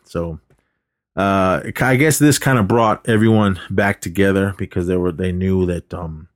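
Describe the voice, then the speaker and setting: A man's voice: sits low, measured pace, dry recording, clean studio sound. A man co-hosting a podcast, loosely retelling a movie scene with lots of "uh" and acted-out quotes. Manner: rambling retelling with filler words and quoted lines. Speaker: podcast co-host. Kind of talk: casual film recap.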